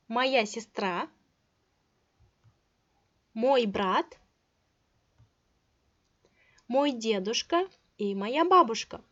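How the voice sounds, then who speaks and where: A woman's voice: a little high, lo-fi sound. A young woman from Russia with a Russian accent, teaching a language lesson in English, reading words aloud one by one with short glosses and hesitant fillers. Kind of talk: slow online language lesson.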